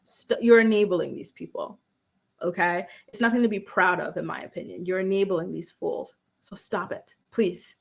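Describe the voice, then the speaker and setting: A young adult woman hosting a casual reality-TV recap, chatty and opinionated with many filler words. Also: medium pitch. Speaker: YouTube recap host.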